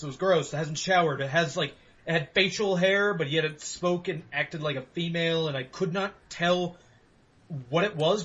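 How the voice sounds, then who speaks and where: A man's voice: a little high, fairly bright tone, muffled recording. A young man hosting a podcast, telling rambling, profane stories in casual chat with bursts of laughter. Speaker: podcast host.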